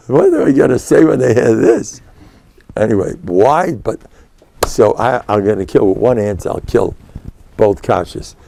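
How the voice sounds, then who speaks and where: Here the same kind of speaker, an older American rabbi and spiritual mentor, delivers a Torah lecture with a creaky, dark, mid-range voice. His storytelling wanders, and Yiddish and Hebrew words keep popping up.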